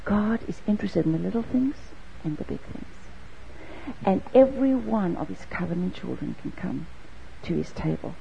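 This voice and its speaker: A woman preacher telling a personal story in a sermon, animated and lively, acting out quoted voices. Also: fairly low pitch, normal speed, vocal fry, slight background noise. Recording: dull lo-fi recording.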